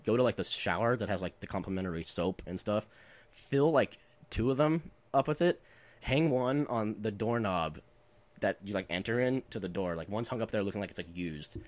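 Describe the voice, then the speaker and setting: A man in his twenties telling prank stories in a casual chat, rambling with lots of filler words and laughing as he goes. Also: lowish voice.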